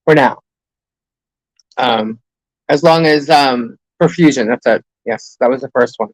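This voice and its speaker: A man's voice: mid-range voice, measured pace, no echo, low-quality recording. A man co-hosting a casual live stream, talking in a chatty way and greeting viewers by name.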